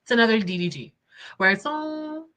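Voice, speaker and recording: A young woman hosting casual livestream commentary, expressive and indignant, laughing often between points. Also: medium pitch, moderate pace. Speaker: commentary channel host.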